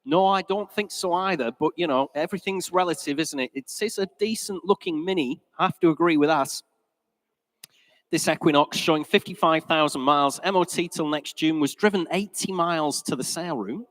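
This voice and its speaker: A man working as auctioneer at a live car sale, calling bids in a brisk, rhythmic patter in a sale room. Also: on the high side, fairly bright tone. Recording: reverberant hall.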